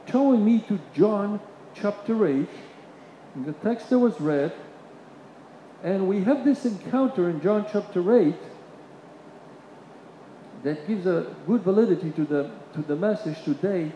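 A man preaching a sermon. He builds to emphatic peaks, drops into quiet asides, and repeats phrases while he searches for words. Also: high-pitched, expressive, measured pace, pauses often, dull audio. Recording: reverberant hall, faint room noise.

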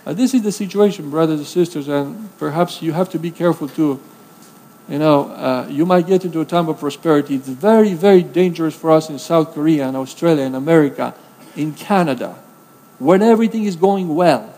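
High-voiced preacher in a reverberant hall. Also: male voice, expressive, normal speed, mellow. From Romania. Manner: earnest, conversational preaching with emphatic scripture reading. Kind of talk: sermon.

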